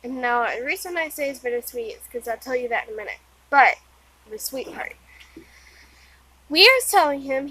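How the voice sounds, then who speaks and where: A tired young woman vlogs outdoors in the wind, giving a rambling, casual update full of fillers and restarts. Her voice is on the high side and a bit bright, with no room sound but poor audio.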